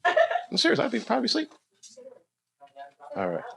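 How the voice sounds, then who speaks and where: His voice very high and gravelly, with wildly swooping pitch at a moderate pace, a stand-up comedian tells a rambling story on a comedy club stage. He laughs at his own jokes and bantering with the crowd, and the live recording carries a noisy, laughing audience.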